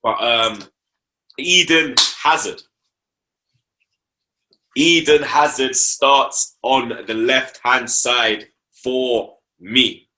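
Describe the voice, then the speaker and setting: A man's voice: medium pitch, extremely slow, long pauses, bright, forceful tone. A young man, talking football on a casual podcast, slangy and repeating himself for emphasis.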